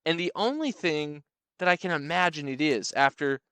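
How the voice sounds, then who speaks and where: A man tells a comedy story to the camera in an animated, sarcastic way, swinging between low asides and raised punchlines. His voice sits a bit high for a man. The sound is dry and close, with no room echo. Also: normal speed, smooth.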